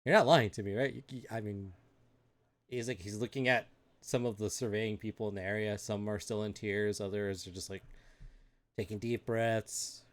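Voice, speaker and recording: A man's voice: lowish voice, flat delivery, normal speed. A man narrating as game master in a casual, laid-back way, with fillers and chuckles. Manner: casual, lots of fillers and laughter. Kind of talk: improvised tabletop game narration.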